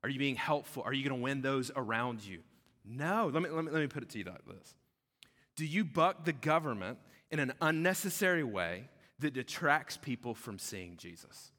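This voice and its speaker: A man preaching a sermon as pastor, conversational and animated, often checking in with "right?". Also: mid-range voice, moderate pace. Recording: echoey hall with long reverb.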